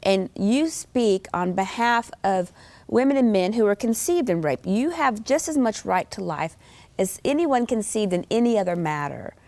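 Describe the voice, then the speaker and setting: A woman hosting an interview, soft-spoken, answering her guest with steady murmurs of agreement and quiet amens. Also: mid-range voice, normal speed, dry recording. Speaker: host.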